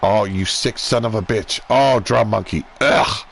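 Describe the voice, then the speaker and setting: A man's voice: fairly low pitch, measured pace, creaky, a bit bright. A man giving casual, profane play-by-play commentary on a wrestling video game, joking and irreverent. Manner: crude, irreverent, joking banter.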